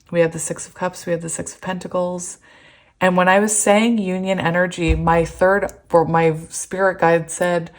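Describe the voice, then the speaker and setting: A young woman doing a tarot reading, giddy and giggly, breaking into excited squeals of laughter. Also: on the low side. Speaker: tarot reader. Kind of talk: pick-a-card tarot reading.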